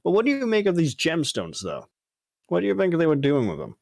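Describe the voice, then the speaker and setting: A man's voice: a little high, huge pitch swings, a little fast, gravelly, a little mellow, no room sound. A man plays a tabletop game in character, casual and curious. His voice moves up and down a lot. The sound is close and dry. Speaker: player. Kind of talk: in-character tabletop role-play.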